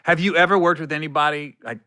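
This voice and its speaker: A man's voice: fairly high pitch, quick pace, no room sound, studio quality. A middle-aged man hosting a podcast, telling stories with lots of laughter and acted-out quotes. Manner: animated storyteller, laughs often, acts out quotes. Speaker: podcast host. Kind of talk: casual chat.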